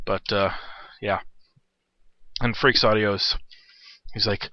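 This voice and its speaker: A man's voice: fairly low pitch, steady tone, slow, long pauses, bright, forceful tone, no room sound. A man in his thirties giving casual, rambling game replay commentary, irreverent and profane. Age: 30s.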